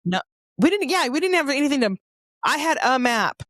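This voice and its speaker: A middle-aged woman from Northern California, a podcast guest telling a personal story in a lively, chatty way and acting out the dialogue. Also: high-pitched, a little fast, no room sound.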